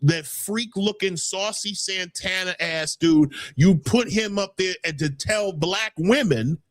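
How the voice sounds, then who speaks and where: A man's voice: high-pitched, takes it slowly. Heated, rambling man hosting a talk show. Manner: heated, rambling, repeats words. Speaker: podcast host. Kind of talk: casual political talk.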